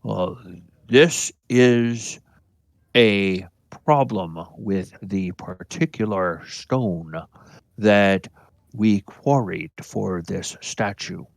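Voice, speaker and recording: Man playing a stone giant professor, old and wise, deep voice, slow lecturing delivery, dry sound. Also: creaky, no room sound, full character voice.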